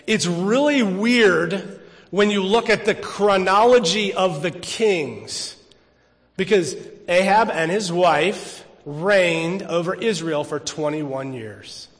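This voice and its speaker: Male preacher, high voice, chatty storyteller, church reverb. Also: fairly bright tone. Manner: conversational storytelling, frequent restarts. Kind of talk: casual sermon. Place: church sanctuary.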